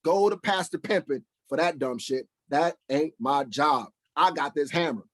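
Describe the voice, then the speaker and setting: A middle-aged man preaching a blunt, mocking sermon and reading scripture, with swings between soft asides and shouting. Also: a little high, moderate pace, few pauses, no echo.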